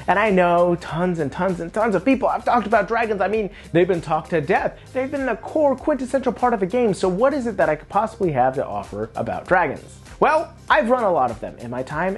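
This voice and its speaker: Low-voiced woman giving lively game tips. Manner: conversational, emphatic, talking straight to viewers. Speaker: host. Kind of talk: tabletop game advice talk.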